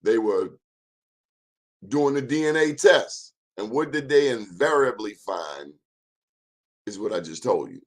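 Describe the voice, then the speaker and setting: A man's voice: fairly low pitch, animated, a little slow, pauses often. A man in his fifties hosting an informal history talk, emphatic and repetitive, urging listeners to check the facts themselves. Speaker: host.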